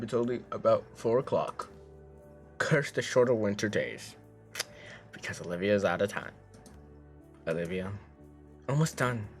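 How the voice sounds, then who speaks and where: A man streaming, reading a visual novel aloud in a casual way, tripping over words and joking between lines. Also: fairly low pitch.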